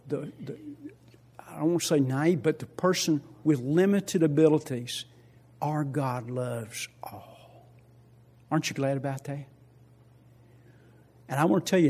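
An older man preaching a sermon as pastor, swinging between loud emphatic lines and quiet asides, repeating key phrases and asking the congregation questions. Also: a little high.

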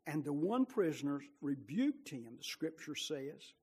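A man preaching a sermon with passion, rising to loud bursts and dropping to quiet, low asides. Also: sing-song, moderate pace, few pauses, slightly rough, big-room sound.

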